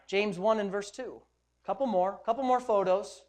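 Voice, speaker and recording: Middle-aged male pastor, lively joking sermon delivery. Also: high-pitched, normal speed. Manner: animated, joking, preacherly exclamations.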